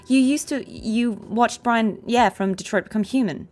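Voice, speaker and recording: A young adult woman, a voice actress, chatting casually on a livestream and explaining voice technique with quick demonstrations. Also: a little high, a little mellow, faint music behind. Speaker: voice actress streaming a game.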